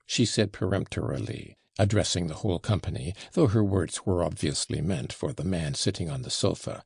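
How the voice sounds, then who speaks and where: A man narrating a classic novel as an audiobook in a lively, expressive reading. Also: low voice, normal speed, vocal fry, few pauses, breathy edge, dry recording, clean studio sound. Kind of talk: scripted narration.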